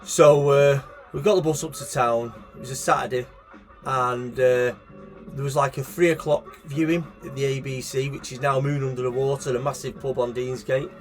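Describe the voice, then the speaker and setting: A man's voice: medium pitch, normal speed, soft background music. Mancunian man telling a sweary anecdote. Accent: Manchester English. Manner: swears freely, animated, acts out voices in the anecdote. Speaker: shop owner telling a story. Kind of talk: casual storytelling.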